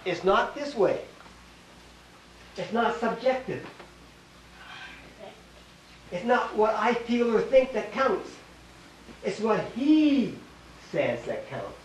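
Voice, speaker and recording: A man's voice: sits high, big pitch swings, measured pace, pauses often. An older man with a Canadian accent teaching a Bible class in a small church hall, emphatic, repeating himself and quizzing his listeners. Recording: echoey room, distant mic, faint hiss.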